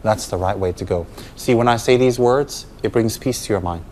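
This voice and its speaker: A man's voice: lowish voice, moderate pace, a little mellow, a little hiss or hum. Emphatic man giving a dharma talk. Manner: emphatic, with rhetorical questions and light laughter. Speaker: Buddhist teacher.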